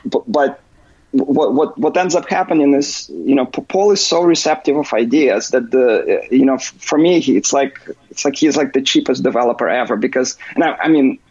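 Male podcast guest, husky, halting delivery, dull dry recording. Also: medium pitch, darkish tone, no room sound. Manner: halting, full of "you know" fillers and restarts. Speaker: interview guest, software developer. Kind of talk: casual interview.

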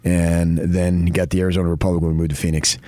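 A man's voice: low voice, flat delivery, fast, mellow, no echo. A man hosting a morning sports radio show in a studio, talking with effusive, emphatic praise. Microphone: studio microphone.

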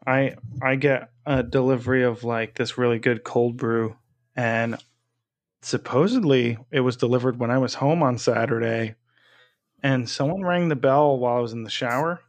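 A man co-hosts a podcast, his medium-pitched voice moving at a normal speed. He chats casually, rambling and restarting as he goes.

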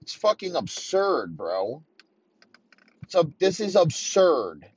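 A man in his thirties delivering a heated, profane comedic rant, talking in rapid-fire bursts. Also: a little high, sing-song, darkish tone, breathy edge, dull audio. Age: 30s.

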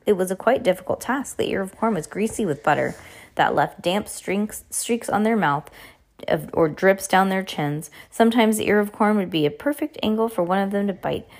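A woman's voice: mid-range voice, lively intonation, normal speed. A woman reading a novel aloud in a casual way, stopping now and then to chat with a listener. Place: at home under a blanket.

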